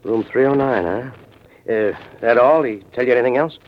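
A man's voice: mid-range voice, normal speed, a little hiss or hum, close to an everyday voice. An actor playing a hard-boiled American man who narrates his own case, dry and wisecracking, in 1940s radio acting. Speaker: narrator and lead. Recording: dull old radio recording. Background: music.

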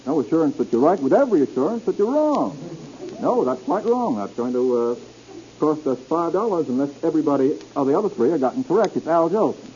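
A man's voice: fairly high pitch, sing-song, quick pace, warm tone. A man hosting a 1930s radio quiz show, teasing the panel with wisecracks. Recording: dull old radio recording with faint hiss.

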